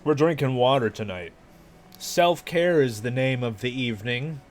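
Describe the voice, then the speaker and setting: A man's voice: medium pitch, lively intonation, normal speed, faint music behind. A man chatting casually while he streams a video game, rambling, swearing and mocking himself. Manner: rambling, profane, self-mocking. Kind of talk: casual livestream gaming chat.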